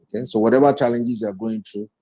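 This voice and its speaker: A man's voice: fairly low pitch, fairly even intonation, fast talker, mellow, rough recording. A man in his forties, a guest speaker giving an earnest, reflective personal testimony in an interview and retelling past conversations.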